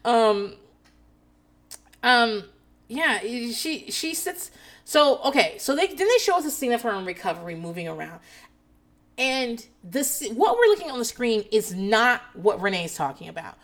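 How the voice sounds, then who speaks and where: A woman's voice: on the high side, very animated, a little slow, a bit bright. Profane, sarcastic woman chatting. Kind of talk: casual chat.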